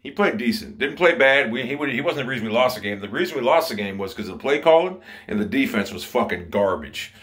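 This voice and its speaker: A man's voice: medium pitch, animated, fast talker, hardly any pauses, fairly bright tone. A man from Ohio ranting angrily and profanely about his football team. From Ohio, USA. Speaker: sports commentator. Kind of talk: angry fan rant.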